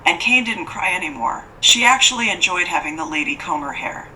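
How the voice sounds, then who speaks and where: A woman giving a steady, measured scripted horror narration as an audiobook narrator. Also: lowish voice, slight background noise, rough recording.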